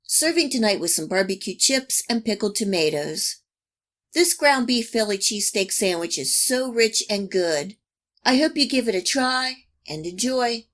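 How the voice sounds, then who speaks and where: A woman hosting a cooking channel, giving calm, even, step-by-step recipe instructions in a scripted voice-over. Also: a little high, moderate pace.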